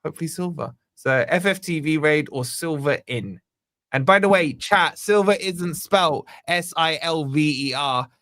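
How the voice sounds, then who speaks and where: A man's voice: fairly high pitch, moderate pace, fairly bright tone, no echo. A man hosting a live football fan show, chatting casually with his panel and wrapping up with upbeat sign-offs. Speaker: host.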